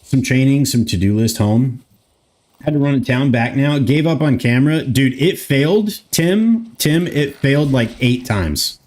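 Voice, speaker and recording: A man from the United States, around thirty, loosely narrates his gameplay and responds to viewer chat, rambling and swearing as he goes. His voice sits at medium pitch with a darkish tone and a moderate pace.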